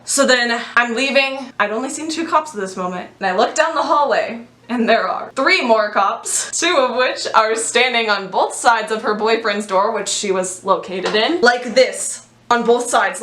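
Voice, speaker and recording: A young woman vlogger telling a dramatic storytime in an animated, swearing manner. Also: a little high. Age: young adult. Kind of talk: storytime vlog. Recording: echoey room.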